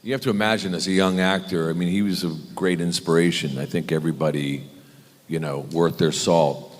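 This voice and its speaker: A man, a guest actor on a convention panel, telling an animated, self-deprecating anecdote with many restarts. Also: deep voice, fairly quick. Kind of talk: anecdotal storytelling. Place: large convention hall panel. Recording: echoey convention hall.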